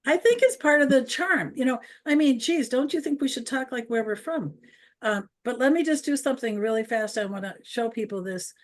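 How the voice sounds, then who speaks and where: A woman's voice: a little high, brisk, a little mellow. Chatty older Midwestern woman hosting. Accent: Upper Midwest American. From Wisconsin. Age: 70s. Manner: chatty, rambling, self-deprecating. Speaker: webinar host. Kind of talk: casual online webinar chat. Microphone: video call.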